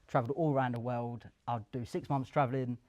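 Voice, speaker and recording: A young man tells his story at a live event in an office. He is chatty and lively, slipping into the voices of the people he quotes. His voice sits at an ordinary middle pitch. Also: quick pace. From Essex, England. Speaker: guest, career switcher. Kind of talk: casual storytelling interview.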